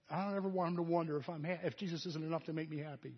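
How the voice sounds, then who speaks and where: Folksy middle-aged preacher guy, kinda breathy, echoey dull church recording. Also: fairly high pitch, steady tone, rapid-fire, hardly any pauses. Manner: storytelling, folksy and conversational. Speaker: pastor. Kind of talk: sermon. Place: church sanctuary.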